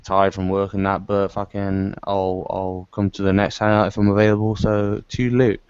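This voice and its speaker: A man's voice: sits low, completely flat delivery, normal speed, darkish tone, smooth, no echo. A man in a casual online group chat, offhand and swearing often. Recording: dry, dull lo-fi call audio.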